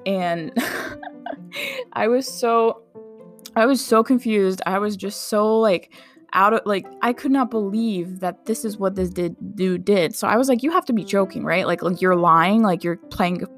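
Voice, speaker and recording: A woman's voice: mid-range voice, expressive, a little slow, faint music behind. A young woman who works in a medical clinic tells a casual personal anecdote, chatty and incredulous, saying "like" often and laughing through it.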